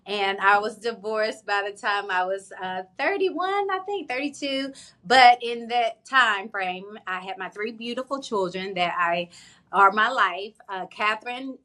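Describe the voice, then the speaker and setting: A woman's voice: medium pitch, lively intonation, a little slow, bright, forceful tone. A woman in her forties, a guest speaking upbeat about her family. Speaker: guest, business owner. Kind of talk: interview talk.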